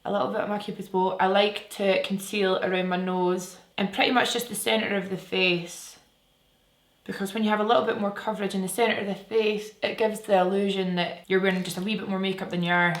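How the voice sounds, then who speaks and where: Girl rambling thru her makeup routine, keen and friendly, middle pitch, bit of room echo. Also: level tone, brisk. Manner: chatty, enthusiastic, talks while working. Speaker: beauty vlogger. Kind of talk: makeup tutorial chat. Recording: echoey room.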